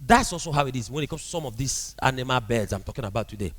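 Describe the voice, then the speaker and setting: A man preaching a sermon as a prophet, animated and often asking the congregation rhetorical questions. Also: mid-range voice, very fast, big-room sound.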